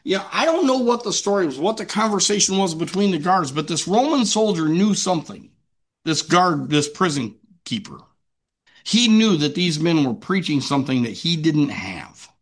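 A man preaching a sermon to a congregation, earnest, asking and answering his own questions and slowing down to read scripture aloud. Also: a little high, sing-song, slightly rough. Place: church meeting room with a congregation.

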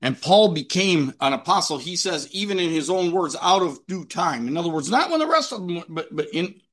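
A man's voice: sits high, sing-song, a little fast, a bit bright. A man preaching a sermon emphatically, with rhetorical questions and repetition.

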